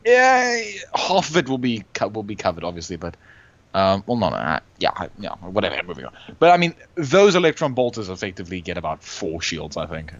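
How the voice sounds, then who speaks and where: Man, casual stream co-host, rambly and self-correcting, swings widely in pitch, muffled lo-fi call audio. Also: huge pitch swings, fairly quick, a bit bright, dry recording. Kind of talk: casual livestream chat.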